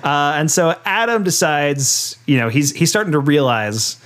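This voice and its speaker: A man co-hosting a casual podcast, retelling a film's scenes in a relaxed way with lots of fillers and laughter. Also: a little high, normal speed. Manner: laid-back, many fillers, laughs while retelling scenes. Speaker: podcast co-host. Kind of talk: casual chat recapping a film.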